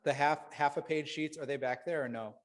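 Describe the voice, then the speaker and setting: A man leading a synagogue service, speaking in a relaxed, chatty way with fillers, over guitar accompaniment. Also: a little high, a little fast. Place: synagogue sanctuary. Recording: guitar music under the voice.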